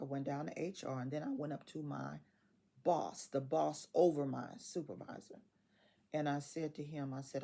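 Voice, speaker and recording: Low gravelly woman in her sixties. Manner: animated, quotes others in dialogue; laughs often while telling. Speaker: retiree storyteller. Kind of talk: casual storytelling.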